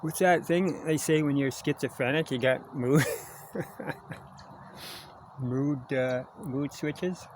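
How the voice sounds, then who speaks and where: Man, chatty outdoor vlog, mid-pitched voice, camera at arm's length, clear outdoor noise behind. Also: steady tone, slow, long pauses, darkish tone. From Canada. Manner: chatty, jokey, coaxing animals. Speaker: vlogger. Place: woods outdoors. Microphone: handheld camera at arm's length. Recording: outdoor noise, wildlife around. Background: outdoor ambience, animals.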